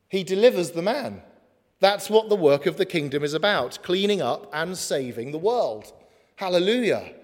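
A man preaching a sermon in an earnest way, slowing down for emphatic lines. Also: sits high, expressive. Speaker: pastor. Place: church hall. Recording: long hall reverb.

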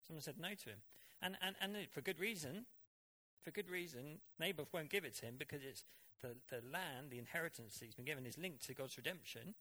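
A man preaching a sermon, reading scripture and explaining it in an animated, chatty way. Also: fairly high pitch, fairly quick. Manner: animated, conversational Bible exposition.

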